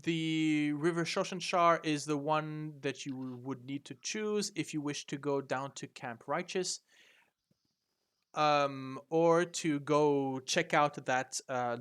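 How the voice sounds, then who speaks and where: A man's voice: a little high, takes it slowly, a bit bright, smooth. A man running a tabletop game over a video call, explaining the rules in a hesitant way, with many fillers and restarts. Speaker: game master.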